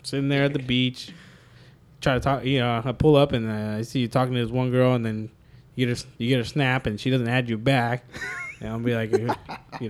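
A young man spins a loose, swear-heavy story for his friends, laughing as he goes. His voice sits at an ordinary middle pitch, and his delivery is offhand and unpolished. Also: flat delivery, a little fast, slight background noise. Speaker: podcast co-host. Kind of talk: casual chat among friends.

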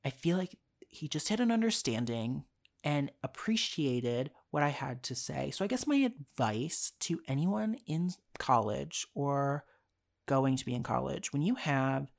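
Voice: mid-range voice, expressive, unhurried, creaky. Young adult, podcast host, casual rant, profane, frank, exasperated, laughing asides. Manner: laughs between phrases.

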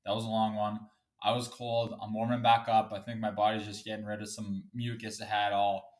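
A man's voice: on the low side, monotone, fairly quick. A man hosting a solo podcast from his bedroom, ranting angrily and swearing a lot, a bit sniffly. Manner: angry, profane, swears often. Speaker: podcast host.

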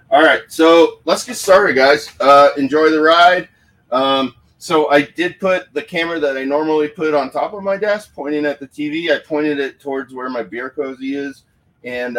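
Talking into his phone from a room at home, a man hosts a casual paranormal live stream, fired up and swearing freely. His voice sits in the mid range, and the audio is poor, with the mic placed at a distance.

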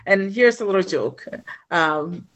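A woman from Ghana, a guest on a podcast, tells a long personal story. Her voice sits a little low, and she acts out the voices of the people in it as she goes. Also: measured pace. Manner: animated storyteller who acts out quoted voices.

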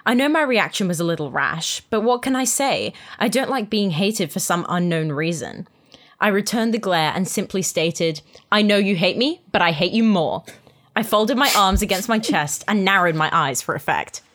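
A woman's voice: mid-range voice, expressive, normal speed, fairly bright tone. A young woman and podcast co-host reading a fan fiction aloud in the first person, dramatic, with amused asides in the chat. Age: young adult.

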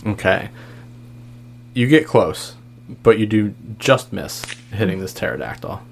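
Low, gravelly man running a tabletop game. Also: expressive, unhurried. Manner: laid-back, laughs easily. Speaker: game master.

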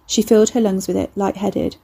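A woman reading a horror novel aloud in a measured, intimate narration. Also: medium pitch, fairly even intonation, creaky, dark tone, slightly rough. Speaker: audiobook narrator.

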